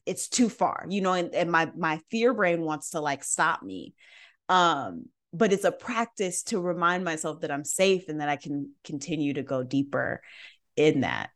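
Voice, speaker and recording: A woman, the host of a relaxed talk, recounts her experiences with animation and plenty of laughter. Her voice sits slightly low for a woman. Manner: animated storyteller, laughs easily. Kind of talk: casual podcast conversation.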